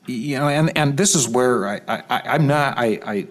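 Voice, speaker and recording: A male state legislator at a committee hearing, talking haltingly with many restarts, earnest and concerned. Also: medium pitch.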